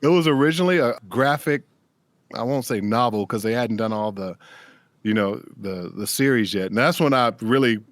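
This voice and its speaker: Animated storytelling man, dry sound. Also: medium pitch, normal speed, no room sound. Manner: animated storyteller who acts out quotes. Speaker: guest voice actor. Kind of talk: casual interview chat.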